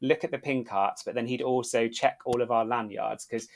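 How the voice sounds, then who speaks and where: Man telling animated stories. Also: mid-range voice, moderate pace, gravelly. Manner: animated storyteller, acts out quoted voices. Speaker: podcast guest, former theme park worker. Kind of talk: casual storytelling chat.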